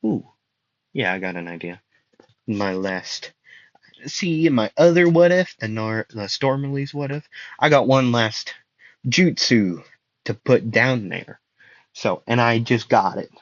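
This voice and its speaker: A man's voice: medium pitch, animated, slow pace, long pauses, no room sound, dull audio. A young man telling a fan story in a casual, rambling, jokey way, often stopping to correct himself.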